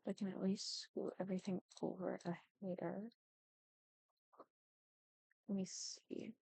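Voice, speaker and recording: A woman's voice: medium pitch, flat delivery, takes it slowly, creaky, dark tone, slightly rough, dry recording. A young woman chatting casually as she builds in a life-sim game, thinking aloud and often apologizing. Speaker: Sims building YouTuber. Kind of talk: casual gameplay commentary.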